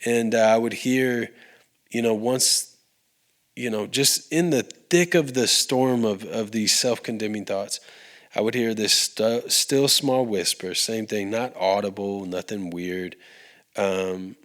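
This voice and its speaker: A man's voice: lowish voice, slow, a bit bright. A man, a podcast guest, sharing his faith story in an earnest, heartfelt way, with restarts and fillers. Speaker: podcast guest, recording artist. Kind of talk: earnest conversational faith testimony.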